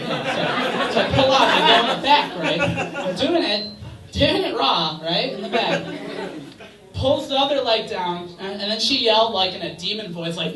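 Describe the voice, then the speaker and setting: A man's voice: high voice, animated, moderate pace. A man doing a stand-up comedy set in a bar, with crude, brash shock jokes. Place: bar comedy stage, indoors. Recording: echoey bar, distant mic, loud crowd.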